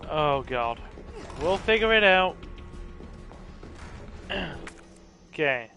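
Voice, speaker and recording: Tired male let's play host, unhurried, jokey, a bit high-voiced. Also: sing-song, pushed and bright, faint music behind. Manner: joking, chatty, self-deprecating. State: tired, yawning. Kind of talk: casual gameplay commentary.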